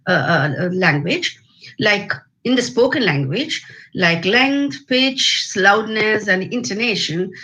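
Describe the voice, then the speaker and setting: A woman with an Indian English accent giving an academic lecture on phonetics over a video call, deliberate and full of fillers and restarts. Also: mid-range voice, sharp tone, poor audio.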